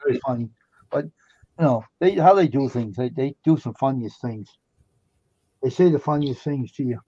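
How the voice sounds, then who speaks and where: A man's voice: mid-range voice, normal speed, dark tone, breathy edge, no room sound, dull audio. A man telling casual anecdotes on a stream, laughing easily as he talks. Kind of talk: casual chat.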